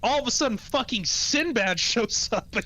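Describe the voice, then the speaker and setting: Bright-voiced man telling a movie story. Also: extremely high pitch, moderate pace. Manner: animated storytelling with swearing and fillers. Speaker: podcast co-host. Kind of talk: casual movie recap chat.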